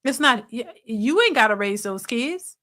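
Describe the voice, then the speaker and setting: A woman's voice: a little high, expressive, measured pace, sharp tone. A woman hosting a live reaction stream, laughing often and reading viewer super chats aloud. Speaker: reaction channel host.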